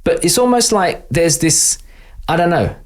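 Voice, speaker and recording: A middle-aged Englishman with an East London accent speaks at an unhurried pace in a fairly high voice. He's a guest on a podcast, chatting casually in interview style and animatedly telling stories, acting out the voices of the people he quotes.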